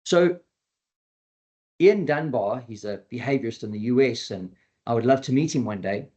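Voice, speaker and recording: A man speaking as a dog trainer in a webinar presentation, talking in a chatty, animated way and acting out what clients and dogs might say. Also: medium pitch, normal speed, muffled recording.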